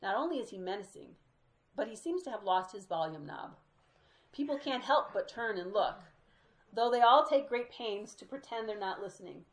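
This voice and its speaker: Brief: female reader telling a true story, mid-pitched voice, drops in Spanish words. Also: animated, normal speed. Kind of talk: reading a memoir aloud.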